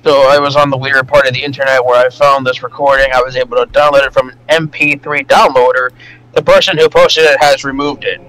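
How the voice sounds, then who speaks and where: A man hosting a casual reaction video over voice chat, excitable and swearing often with loud outbursts. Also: medium pitch, fairly quick, rough recording.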